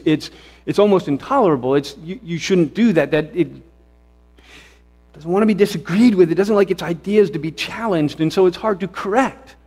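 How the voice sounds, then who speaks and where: A man's voice: high voice, a little mellow. A man preaching a sermon as pastor, earnest and repetitive, often restarting his phrases. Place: church sanctuary. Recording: long reverb of a church hall.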